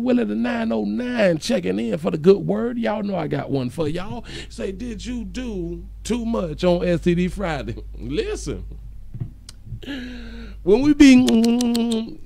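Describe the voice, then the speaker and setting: A man from St. Louis hosting a joking livestream, hoarse from losing part of his voice, calling out shout-outs and breaking into squeaky high greetings. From St. Louis, Missouri. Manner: loud shout-outs, sudden squeaky high "hey sugar" bits. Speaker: livestream host reading chat. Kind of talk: joking casual livestream chat.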